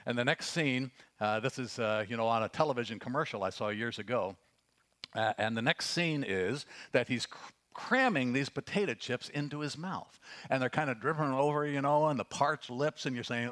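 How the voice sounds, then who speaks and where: Male pastor, mid-pitched, casual sermon delivery, punches up questions. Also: normal speed, fairly bright tone. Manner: conversational preaching, rising to emphatic questions.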